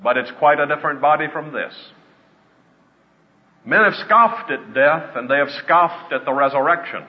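Male preacher, slightly high voice, earnest sermon delivery, dull lo-fi sound. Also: animated. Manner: earnest, slows down to stress points. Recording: dull lo-fi with long reverb.

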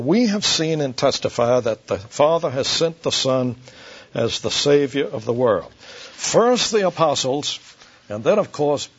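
A man preaching an expository sermon to a congregation, slow and deliberate, emphatic, with light asides to his listeners. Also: medium pitch, husky. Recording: dull lo-fi sermon recording.

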